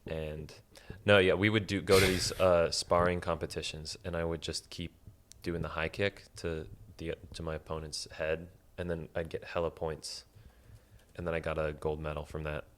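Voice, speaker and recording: A young man who is a podcast guest, chatting in a relaxed, offhand way with some slang. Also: rumbling low, normal speed. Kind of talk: casual chat.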